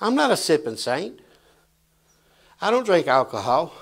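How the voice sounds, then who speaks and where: A man preaching a fiery sermon in a church, swinging between loud shouts and quiet asides. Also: a little high, very animated, a little slow, creaky. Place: church sanctuary.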